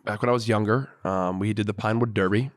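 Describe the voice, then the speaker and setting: Animated young man telling a story. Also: on the low side, fast talker. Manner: animated storyteller, puts on voices for quotes. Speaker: podcast co-host. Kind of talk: casual podcast chat, storytelling.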